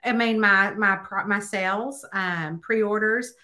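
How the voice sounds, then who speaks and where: A middle-aged woman author chatting casually, telling stories and acting out the people in them with lively quoted voices. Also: slow. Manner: animated storyteller, acts out quotes in a high voice. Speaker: mystery author, host. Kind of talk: casual chat.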